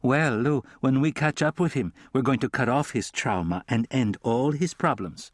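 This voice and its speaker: A man's voice: mid-range voice, moderate pace, dry recording, studio quality, voice pushed up, close to an everyday voice. A man voicing a brash, wisecracking female police detective in an audiobook. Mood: teasing. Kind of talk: audiobook character voice.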